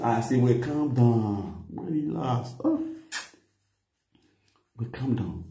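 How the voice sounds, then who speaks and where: A man's voice: medium pitch, sing-song, slow, creaky, long pauses, warm tone, echoey room. A middle-aged man speaking Nigerian Pidgin English, animatedly telling a story with quoted dialogue and frequent laughter. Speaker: vlogger. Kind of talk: casual storytelling to camera.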